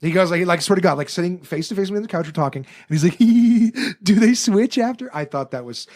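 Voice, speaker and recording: Fast-talking storytelling comedian, a man. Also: a little high. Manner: animated storyteller, swears freely, acts out quoted dialogue. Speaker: podcast guest and comedian. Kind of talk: casual podcast chat.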